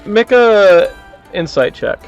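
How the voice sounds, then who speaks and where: A man running a tabletop game as game master, describing scenes in a loose, casual way with lots of fillers. His voice sits a little high for a man. Faint music plays in the background. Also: sing-song, takes it slowly, gravelly, highs cut off.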